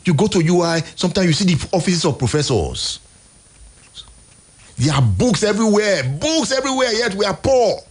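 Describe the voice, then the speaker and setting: A Nigerian man hosting a radio show, giving emphatic, exasperated commentary in a husky voice. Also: high-pitched, big pitch swings, moderate pace. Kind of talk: impassioned on-air commentary. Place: radio studio.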